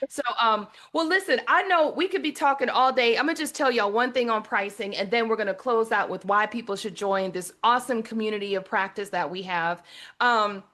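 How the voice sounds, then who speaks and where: Woman podcast host, kinda high voice, chatty storyteller, says y'all a lot. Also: brisk. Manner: lively storyteller, addresses listeners as y'all. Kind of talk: conversational interview.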